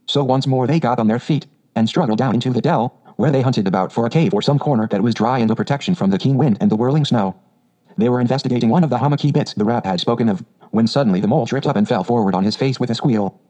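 A man narrating a children's story aloud in a steady, measured way on a dull lo-fi recording. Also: medium pitch. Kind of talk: audiobook reading.

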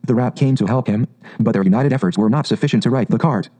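A man narrating a classic storybook in a measured, even way. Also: mid-range voice, low-quality recording. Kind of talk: storybook reading.

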